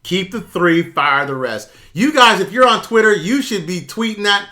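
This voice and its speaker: Brief: middle-aged man, high bright voice, blunt profane livestream host. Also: lively intonation, moderate pace, hardly any pauses. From United States. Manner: blunt, profane, reads and answers chat. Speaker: YouTube currency commentator. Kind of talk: casual livestream rant.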